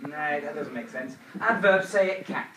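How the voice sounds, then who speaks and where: A slightly high, expressive male voice at normal speed drills young pupils in a repeated grammar chant, call-and-response style, with crowd noise around. It's a school classroom, recorded far from the mic in an echoey, noisy room.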